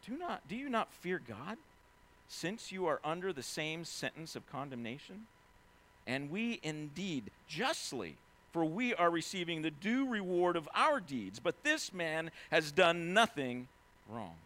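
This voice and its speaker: A man preaching a sermon, reading scripture quietly and then rising into loud, emphatic preaching. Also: medium pitch. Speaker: pastor.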